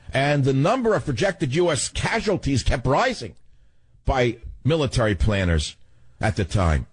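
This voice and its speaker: Brief: male radio host, lowish husky voice, combative rant. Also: a little mellow, no room sound. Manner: combative, ranting, rhetorical questions. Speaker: radio talk show host. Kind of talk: talk radio monologue.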